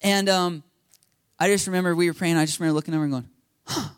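A man pastor telling a story in his sermon, animated, laughing, and acting out quotes. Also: high voice, quick pace, smooth, dry recording, clean studio sound.

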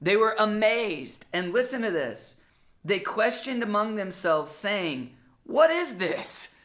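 A pastor preaching a sermon in an animated, conversational way, acting out quotes as he goes. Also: mid-range voice, takes it slowly.

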